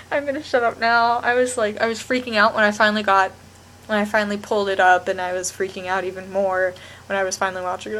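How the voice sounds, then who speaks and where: A woman's voice: mid-range voice, little pitch movement, fast, fairly bright tone, a little hiss or hum. A young woman vlogging a rambling, gushing TV review with lots of restarts. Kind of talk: casual chat to camera.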